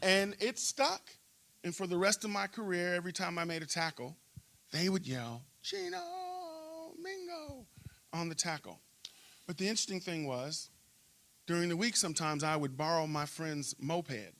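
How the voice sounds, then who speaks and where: A middle-aged man, a pastor, telling a story in a church interview and acting out shouting crowds. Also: fairly high pitch, moderate pace. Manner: animated storyteller, acts out crowd chants.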